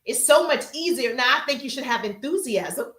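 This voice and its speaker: A woman teaching social media business strategy on a live stream, energetic and emphatic, calling out to viewers in the chat. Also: high voice, normal speed, echoey room.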